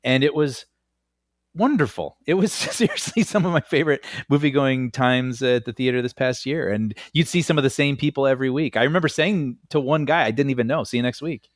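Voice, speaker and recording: A man co-hosting a film podcast in casual chat, giving measured opinions and laughing easily. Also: medium pitch, dry recording, clean studio sound. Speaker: podcast co-host.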